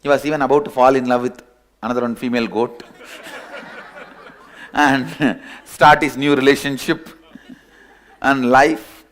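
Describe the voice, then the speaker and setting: A man's voice: medium pitch, fairly even intonation, unhurried, pauses often, a bit bright. A man giving a spiritual discourse, telling a parable with repetition and chuckles at his own jokes. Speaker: spiritual teacher.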